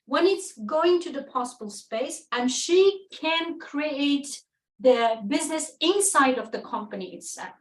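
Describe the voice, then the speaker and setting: Enthusiastic high-voiced woman hosting a webinar. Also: lively intonation, unhurried, reverberant, far from the mic, rough recording. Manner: enthusiastic, acts out quoted dialogue, laughs often. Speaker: webinar co-host. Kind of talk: webinar talk.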